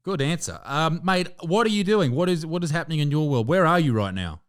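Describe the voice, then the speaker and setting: A young Australian man hosting a comedy podcast, loud and swearing in joking banter. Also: a little high, lively intonation, fairly quick, clear, resonant tone. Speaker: podcast host.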